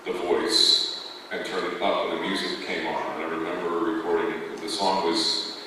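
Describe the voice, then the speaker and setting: Canadian guy with a low voice telling rambly stories, echoey hall, noisy crowd room. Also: little pitch movement, moderate pace, distant mic. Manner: rambling, self-deprecating anecdotes. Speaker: panelist. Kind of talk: convention panel storytelling. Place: convention hall.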